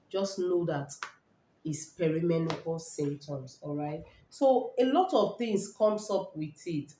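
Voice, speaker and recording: A middle-aged woman with a Nigerian accent talks straight to her viewers in a lowish voice, circling back over her points and tagging them with quick checks. She sounds like she is speaking into a phone in a bare room with a strong echo. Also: darkish tone, a little hiss or hum. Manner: repetitive, emphatic, storytelling with "all right?" checks. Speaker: health talk host. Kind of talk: casual live talk to viewers. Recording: echoey room.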